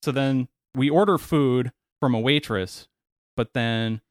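A man's voice: mid-range voice, slow, no echo, clean studio sound. A man on a podcast, casually telling a long story with many fillers and restarts. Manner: rambling, lots of fillers and restarts.

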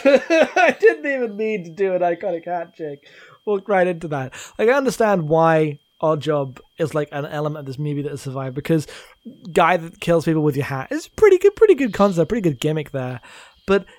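A man's voice: fairly high pitch, sing-song, normal speed, no room sound. A man co-hosting a casual film discussion podcast, loose and laughing, swearing freely. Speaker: podcast co-host.

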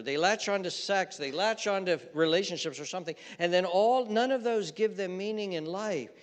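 Guy preaching, kinda high voice, big echoey church sound, goes loud and mocking then soft and pleading. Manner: swings from loud mocking outbursts to soft earnest appeals. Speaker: pastor. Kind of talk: sermon.

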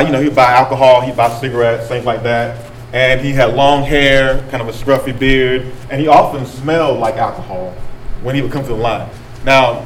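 Leading a group workshop in a meeting room, a medium-pitched man from rural North Carolina chats casually with his audience, frequently repeating and reflecting their answers back. The mic catches him from afar, with room echo and a faint hiss behind him.

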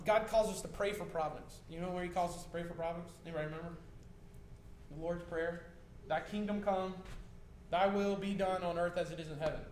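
A man's voice: sits high, darkish tone. A man preaching a sermon in a conversational way, repeating himself and asking the congregation questions. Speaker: pastor. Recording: echoey room with faint noise.

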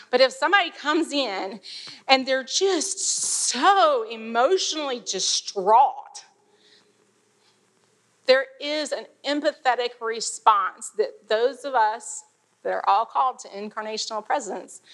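A woman leads a casual Bible teaching, reading verses and then talking through them in a chatty way. She laughs easily and often reaches for fillers. Her voice sits a little high and sounds bright. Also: animated, slow pace.

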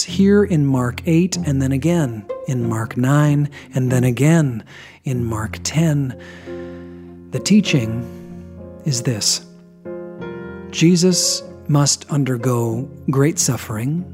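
A man giving a scripted Bible teaching, with dramatic pauses and emphatic drops in his voice. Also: medium pitch.

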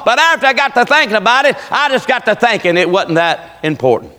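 A preacher man with a high, bright, ringing voice. He tells folksy stories in plain dialect and builds to shouts. His voice carries through a reverberant church hall. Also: expressive, fast, hardly any pauses. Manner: folksy storytelling with Southern dialect, rising to shouts. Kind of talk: sermon.

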